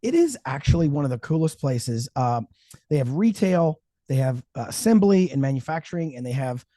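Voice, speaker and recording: Enthusiastic higher-voiced male podcast host. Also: a little fast, no echo, clean studio sound. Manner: energetic, enthusiastic, slips into a radio voice for ads. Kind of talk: casual podcast chat with ad read.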